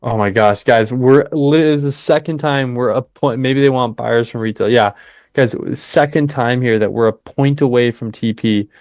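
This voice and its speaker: A young man hosting a live trading stream, chatting with viewers and cheering the market on in excited bursts. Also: medium pitch, normal speed, no echo, studio quality, faint music behind. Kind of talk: live trading commentary with chat.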